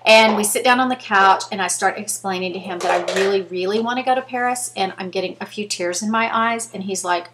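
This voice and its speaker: A woman's voice: medium pitch, a little fast, hardly any pauses, fairly bright tone, a little hiss or hum. A woman in her fifties, chatting earnestly to her viewers and telling a story straight to camera. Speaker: vlogger. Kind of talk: casual chat to camera.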